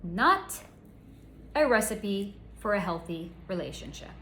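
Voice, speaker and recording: A woman's voice: mid-range voice, expressive, takes it slowly, sharp tone, reverberant, slight background noise. A woman giving a psychic reading, telling a story candidly and swearing freely. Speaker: psychic reader. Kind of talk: solo spoken energy reading.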